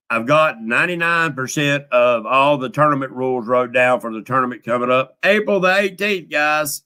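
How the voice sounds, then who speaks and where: A man's voice: mid-range voice, moderate pace, few pauses, pushed and bright, clean tone. A middle-aged man, hosting a live fishing stream and talking in a folksy, heartfelt way while thanking viewers by name. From United States. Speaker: fishing channel host. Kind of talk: casual live stream chat.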